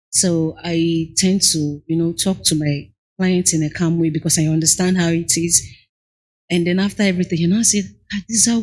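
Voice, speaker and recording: Husky-voiced Nigerian woman, candid. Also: lowish voice, darkish tone. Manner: candid and earnest, acts out clients' lines. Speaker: guest entrepreneur. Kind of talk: conversational interview.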